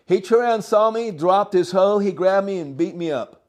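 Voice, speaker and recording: An older man, telling a long story as a guest, animated and halting, with frequent chuckles. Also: high voice. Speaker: interview guest. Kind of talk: rambling storytelling.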